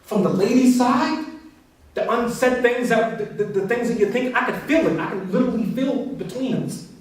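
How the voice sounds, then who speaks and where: A man's voice: extremely high pitch, moderate pace, recorded from a distance. A man giving a passionate, conversational religious talk and addressing his audience directly. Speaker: speaker. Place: large echoey hall. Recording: echoey hall, voice from afar.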